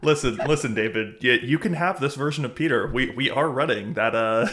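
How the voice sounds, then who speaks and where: A man's voice: mid-range voice, brisk, fairly bright tone. Young male game master, casual, hesitant, keeps it going with ums and uhs. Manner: rambling, many fillers, amused. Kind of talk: narrating a tabletop game.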